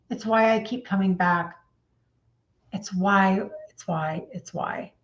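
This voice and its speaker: Lo-fi sound captures the medium-pitched voice of a woman in her fifties. She's a health coach chatting casually on a live stream, reading out viewer comments and using many fillers.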